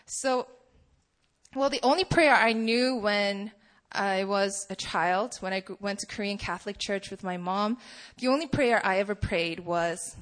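A woman's voice: mid-range voice, moderate pace, fairly bright tone. A woman in her twenties, a student, praying and then speaking casually to a campus fellowship group, with frequent laughs. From Poland. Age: 20s. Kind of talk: opening prayer and talk to a student group.

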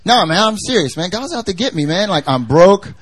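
A man's voice: high-pitched, big pitch swings, brisk, pitched above the performer's own voice. A preacher voicing a broke, grumbling man who is sure the world is against him, complaining in an exasperated way.

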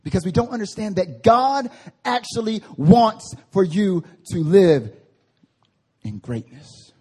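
A man preaching a sermon with a husky, slightly breathy voice pitched a bit high. He moves between loud, driving appeals and quiet, hushed lines, tossing in playful voiced asides. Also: lively intonation, slow. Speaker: pastor. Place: church service.

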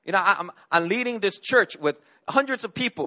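Earnest middle-aged pastor preaching. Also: male voice, high-pitched, expressive, fairly quick, bright, forceful tone. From Korea. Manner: earnest, personal storytelling with frequent restarts. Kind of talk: sermon.

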